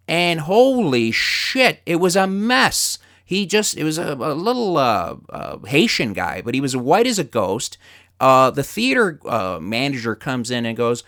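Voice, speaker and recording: A man hosting a podcast, telling stories in casual chat, swearing freely and getting loud as he relives his anger. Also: fairly high pitch, normal speed, no room sound, studio quality. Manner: animated storyteller, swears freely, gets loud retelling anger. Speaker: podcast host.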